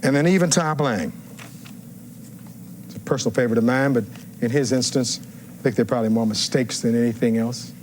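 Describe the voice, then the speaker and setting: A man's voice: medium pitch, fairly quick, pauses often, a little mellow, a little hiss or hum. A man giving a courtroom closing argument as defense attorney, reading testimony aloud and firing rhetorical questions at the jury.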